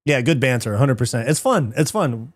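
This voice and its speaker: A man's voice: mid-range voice, lively intonation, brisk, no echo, studio quality. Loose, swearing male stream host. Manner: loose, swears a lot, laughs easily. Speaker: host of a live fight watch party. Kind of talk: casual live-stream chat, reading chat aloud.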